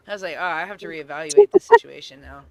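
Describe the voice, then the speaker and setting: A woman's voice: lowish voice, wildly swooping pitch, normal speed, vocal fry, a little mellow. A woman telling a story in a casual group chat, hesitant and giggling. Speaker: livestream guest.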